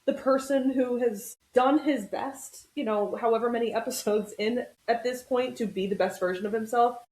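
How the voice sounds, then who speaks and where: A woman's voice: a little high, steady tone, normal speed, darkish tone. Thoughtful woman co-host, echoey room. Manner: thoughtful, frequent agreeing. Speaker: podcast co-host. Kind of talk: casual podcast chat. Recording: roomy echo.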